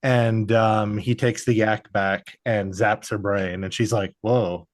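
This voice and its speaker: A man's voice: on the low side, level tone, takes it slowly, no room sound. Dry-sounding man recapping a movie casually. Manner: rambling, filler-heavy storytelling. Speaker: podcast co-host.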